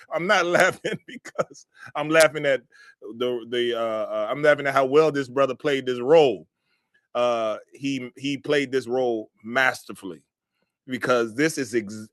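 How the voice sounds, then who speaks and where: A man's voice: medium pitch, dry recording, clean studio sound. A man hosting a reflective discussion, earnest and repeating words as he thinks. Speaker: host.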